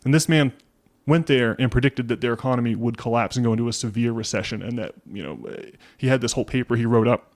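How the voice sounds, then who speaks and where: A man's voice: mid-range voice, quick pace, a little mellow. A man co-hosting a casual podcast, rambling through a story with lots of restarts. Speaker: podcast co-host.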